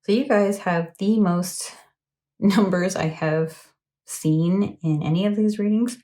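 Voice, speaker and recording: A woman's voice: mid-range voice, slow pace, warm tone. A woman giving a casual, earnest tarot reading to a phone camera, talking in a chatty way with frequent ums and a checking "okay?". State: emotional, close to tears. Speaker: tarot reader.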